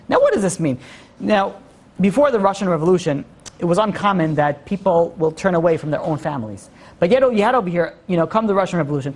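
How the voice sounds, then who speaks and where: A man in the role of a rabbi teaching a class, talking quickly with hardly a pause between thoughts. He fires off rhetorical questions to his listeners and drops in joking asides as he goes. The delivery is animated and conversational rather than formal. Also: fairly high pitch. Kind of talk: Torah class lecture.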